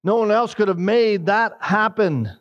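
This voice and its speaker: A man preaching a sermon in an expressive way, dropping his voice low and slow for emphasis. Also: highs cut off.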